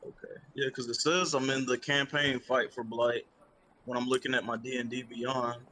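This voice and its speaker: A man's voice: medium pitch, level tone, normal speed, bright, forceful tone, a little hiss or hum, poor audio. A man, a player in a tabletop game, casually checking aloud whether his dice setup works. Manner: unsure, checking things aloud. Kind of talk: casual chat.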